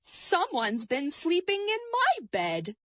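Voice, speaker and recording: A woman's voice: very high-pitched, wildly swooping pitch, slow pace, a bit bright, no room sound, studio quality, soft background music, pitched above the performer's own voice, exaggerated voice. A woman doing a mumbling mother bear. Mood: puzzled. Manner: mumbling, mildly puzzled.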